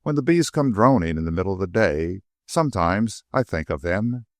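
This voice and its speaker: A man voicing an elderly male servant who speaks softly and slowly, looking back on his past. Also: low voice, lively intonation, dry recording, clean studio sound. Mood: wistful.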